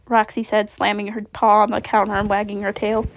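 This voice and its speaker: Woman, story reading, gravelly, fairly high voice, dull lo-fi sound. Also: little pitch movement, fairly quick, hardly any pauses. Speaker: reader. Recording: dull lo-fi recording.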